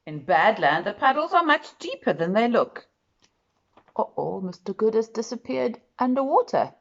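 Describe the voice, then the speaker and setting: A woman reading a children's picture book aloud, expressive and speaking directly to the listener. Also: fairly high pitch, normal speed, creaky, highs cut off. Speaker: storyteller.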